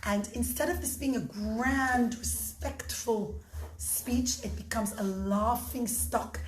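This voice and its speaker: High-voiced woman storyteller for kids, expressive, echoey room. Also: slow, slight background noise. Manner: expressive, addresses the children often. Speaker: storyteller for children. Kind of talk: animated storytelling.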